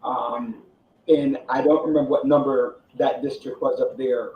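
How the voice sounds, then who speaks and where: A man hosting a radio talk show, asking questions with many pauses and false starts. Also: medium pitch, fairly even intonation, slight background noise. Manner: hesitant, many fillers and restarts. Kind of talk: radio interview. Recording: roomy, dull broadcast sound.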